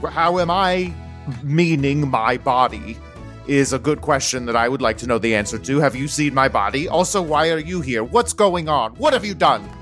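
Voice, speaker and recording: A man's voice: medium pitch, expressive, moderate pace, fairly bright tone, faint music behind, lightly acted. A man playing a whining, confused young man stuck in someone else's body.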